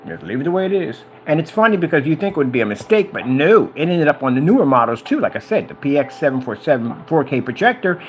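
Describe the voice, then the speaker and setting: A man talking casually and excitedly about projectors, rambling and wandering off topic. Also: fairly high pitch, fast, hardly any pauses. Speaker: business owner reviewing projectors.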